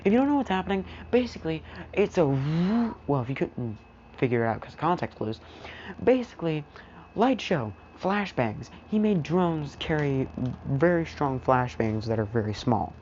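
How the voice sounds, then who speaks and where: Guy rambling thru a fan story, lots of "you know", muffled lo-fi mic with soft hiss. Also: fairly high pitch, very animated, normal speed. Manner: rambling with many fillers. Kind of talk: casual improvised fan story narration.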